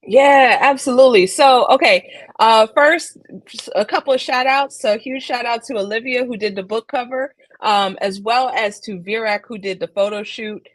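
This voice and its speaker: A woman's voice: fairly high pitch, normal speed, no room sound. A woman author being interviewed in a casual video chat, chatty and laughing often, talking from home. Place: home, child nearby.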